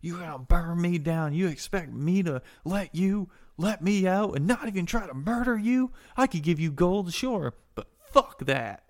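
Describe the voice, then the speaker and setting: A man voicing a furious, threatening nobleman locked in a jail cell, who shouts and curses. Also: high-pitched, expressive, fairly quick, pitched above the performer's own voice. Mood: scornful.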